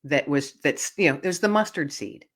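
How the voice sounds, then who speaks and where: A woman's voice: sits low, moderate pace, breathy edge. Earnest, tearful woman podcast host. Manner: earnest, emotional, addresses listeners directly. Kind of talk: personal storytelling in an interview.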